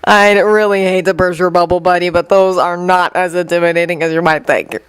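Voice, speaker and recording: A woman voicing a cocky, sarcastic man in quick, mocking banter. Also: lowish voice, fairly even intonation, clean tone, no echo, lightly acted.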